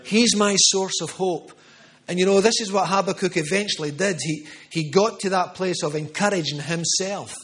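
Fervent male preacher, high voice. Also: moderate pace, a bit bright. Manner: fervent, emphatic, repeats phrases for stress. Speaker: pastor. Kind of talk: charismatic sermon with prophetic words.

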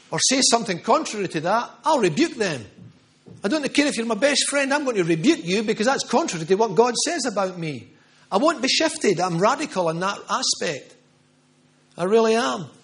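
A man's voice: sits high, fairly bright tone. A middle-aged man preaching a charismatic sermon with prophetic words, fervent and emphatic, repeating phrases for stress. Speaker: pastor.

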